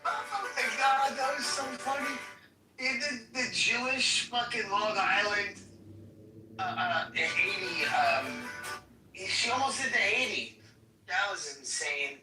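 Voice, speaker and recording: A man hosting a casual livestream, talking in an excitable, rambling way. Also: high voice, takes it slowly. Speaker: stream host. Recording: roomy, distant, music behind.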